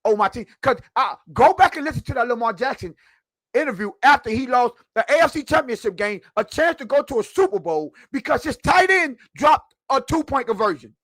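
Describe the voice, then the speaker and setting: Emphatic high-voiced man ranting about sports. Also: lively intonation, a little fast, no echo. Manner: preachy, emphatic, rhetorical questions, slips into shouting. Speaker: sports show host. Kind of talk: heated sports talk.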